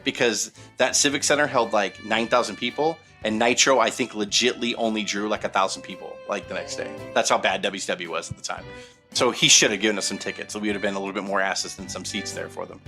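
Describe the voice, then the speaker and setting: Bright-voiced man telling rambling stories. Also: fairly low pitch. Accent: Southern Californian. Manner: rambling, animated anecdote-telling with many fillers. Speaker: podcast co-host. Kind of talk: casual storytelling.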